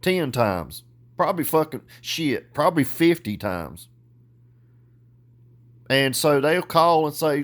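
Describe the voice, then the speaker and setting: A man with a Southern US accent ranting in a vlog, boastful and profane, growing loud and worked up. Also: fairly high pitch, animated, a little slow, pauses often. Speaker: vlogger.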